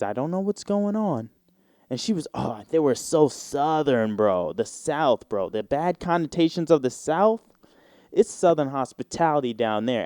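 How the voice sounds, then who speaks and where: Mellow, laid-back man rambling on a podcast. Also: medium pitch, clean tone, no echo, clean studio sound. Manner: rambling, profane, laid-back, full of slang. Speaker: podcast host. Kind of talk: casual solo podcast monologue.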